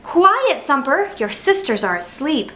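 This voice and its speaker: Casting: bossy dad rabbit, sharp and scolding, voiced by a woman. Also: fairly high pitch, sing-song, unhurried, echoey room, a little hiss or hum. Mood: stern. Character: father rabbit, stern and strict.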